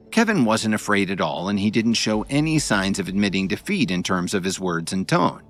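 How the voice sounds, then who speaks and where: A man narrates an audiobook in a lowish voice with very lively, expressive intonation. He tells the story with dramatic flair while faint music plays underneath. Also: normal speed, hardly any pauses. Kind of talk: audiobook narration of a web novel.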